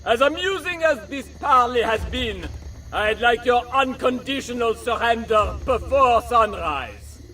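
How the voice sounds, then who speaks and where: An actor with a French accent playing a haughty, condescending aristocratic baron villain in a game. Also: male voice, extremely high pitch, lively intonation, unhurried, sharp tone, distant mic, a little hiss or hum, exaggerated voice. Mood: smug.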